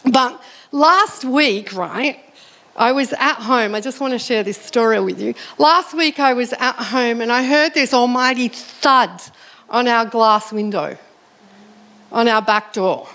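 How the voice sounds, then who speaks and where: A middle-aged woman, telling a personal story in an animated, self-mocking way as part of her sermon. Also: fairly high pitch, unhurried. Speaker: preacher.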